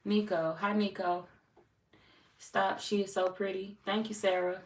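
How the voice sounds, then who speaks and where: A young woman hosting a tarot livestream, reading viewer comments aloud and chatting in a relaxed, teasing way with lots of slang and laughter. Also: medium pitch, measured pace, distant mic. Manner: laid-back, teasing, laughs often, slangy. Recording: roomy echo, off-mic, faint noise.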